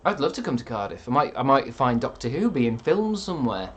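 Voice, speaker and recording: A man's voice: mid-range voice, very animated, brisk, noisy background. A man streaming live, reading out chat with rambling dry jokes and lots of ums.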